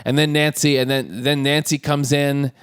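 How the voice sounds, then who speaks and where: A man's voice: medium pitch, level tone, normal speed, a bit bright, clean tone, no room sound, clean studio sound. A man co-hosting a podcast, chatting casually and retelling a film scene with lots of fillers and restarts. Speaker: podcast co-host.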